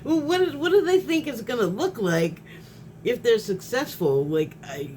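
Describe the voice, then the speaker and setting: A woman's voice: a little high, animated, normal speed, darkish tone, a little hiss or hum. A woman vlogger in a casual spoken monologue who rambles, restarts her sentences, laughs often and gets heated.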